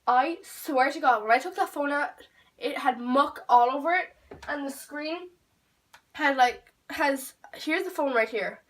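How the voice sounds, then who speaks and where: A young woman rambling through a storytime vlog at home, swearing freely and getting animated. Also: high-pitched, measured pace. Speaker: vlogger. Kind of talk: storytime vlog, casual chat. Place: home room. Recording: voice a bit far from the mic.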